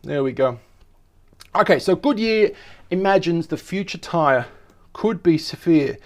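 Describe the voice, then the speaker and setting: A man's voice: on the high side, animated, measured pace. A man hosting a casual tech vlog, rambling and joking as he reads an article aloud and stumbles over words. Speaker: tech vlogger.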